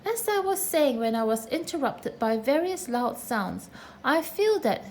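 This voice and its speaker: A woman voicing a gloomy old donkey who speaks slowly and self-importantly. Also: high voice, big pitch swings, a little hiss or hum, pitched above the performer's own voice, exaggerated voice. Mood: glum. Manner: slow, mournful, self-important.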